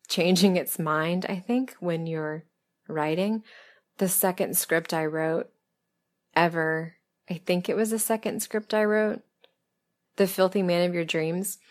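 A woman from the American South, a little hoarse, chatting candidly about writing and performing audio scripts in a relaxed question-and-answer style. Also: fairly low pitch, unhurried. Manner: chatty and candid, laughing softly, self-deprecating. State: losing her voice. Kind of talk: casual interview-style Q&A monologue.

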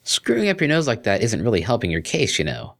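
A man's voice: on the low side, huge pitch swings, quick pace, voice pushed up, exaggerated voice. A man doing a cocky unicorn DJ girl. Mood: teasing. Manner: slangy, teasing. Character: brash cocky young female unicorn DJ.

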